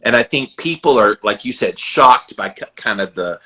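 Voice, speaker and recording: A podcast host with a Southern American accent talks in an animated, earnest way. His voice has a bright, forward ring, and he sits at a middle pitch for a man. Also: moderate pace. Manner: animated, earnest, advice-giving. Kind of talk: conversational interview.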